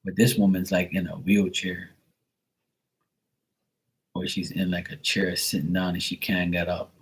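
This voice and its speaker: Husky low-voiced guy doing a psychic reading, rambles a lot, says like constantly. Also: level tone, a little slow, poor audio. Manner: rambling, filler-heavy, casual swearing. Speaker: psychic reader.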